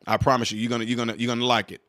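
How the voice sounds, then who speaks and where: A man's voice: medium pitch, little pitch movement, racing, fairly bright tone. A man hosting a reaction video who talks straight to his viewers and fires off mocking rhetorical questions in exasperation. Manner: addresses viewers directly as y'all. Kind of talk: reaction commentary.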